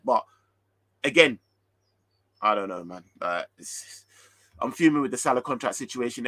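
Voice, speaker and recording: A man in his 30s hosts a football fan channel, ranting heatedly in a slightly high voice with no room sound. He's animated, swears, and keeps repeating himself.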